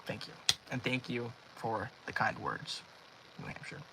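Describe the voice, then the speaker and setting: A man's voice: on the low side, big pitch swings, unhurried, gravelly, noisy background. A nineteen-year-old man livestreaming from his bedroom, rambling casually and thanking viewers by name as he reads out chat.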